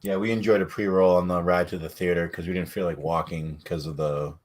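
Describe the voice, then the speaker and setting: Male co-host, very deep voice, easygoing storyteller, filler-heavy casual chat. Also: level tone, a little fast, a little hiss or hum. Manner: laid-back storytelling with frequent fillers. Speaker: podcast co-host.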